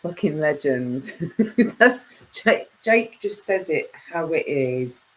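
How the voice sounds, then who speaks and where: A woman's voice: deep voice, expressive, takes it slowly, slight background noise, low-quality recording. A woman chatting casually on a live stream, reading viewers' comments and bantering with them, laughing often.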